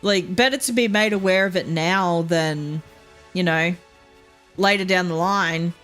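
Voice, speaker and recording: A woman's voice: lowish voice, a little slow, a bit bright. A young Australian woman chatting casually as a streamer while gaming, rambling, swearing freely and laughing often. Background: faint game music.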